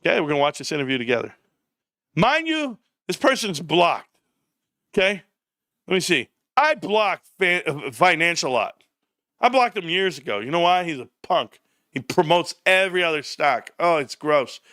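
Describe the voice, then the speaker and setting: A man hosting a stock livestream, excitable and profane, often laughing and shouting. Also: fairly high pitch, normal speed, dry recording, studio quality. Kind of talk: livestream commentary.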